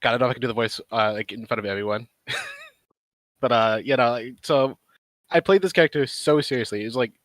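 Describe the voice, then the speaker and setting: Brief: male stream host, bright and forceful tone, dry close sound, rambling storyteller. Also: mid-range voice, quick pace, no echo. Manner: rambling, with many fillers and laughs. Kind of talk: casual storytelling chat.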